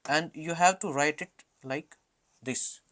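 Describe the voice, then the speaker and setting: A language teacher slowly explaining letters, with frequent fillers and hesitations, a Hindi native speaker. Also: medium pitch, fairly bright tone. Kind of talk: alphabet lesson.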